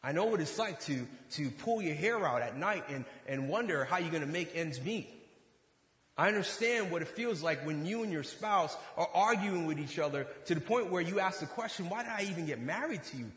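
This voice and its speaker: A man preaching a sermon, telling a personal story and acting out the dialogue with lively energy. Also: a little high, moderate pace, reverberant, big-room sound. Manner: animated storytelling, acts out dialogue. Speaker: pastor.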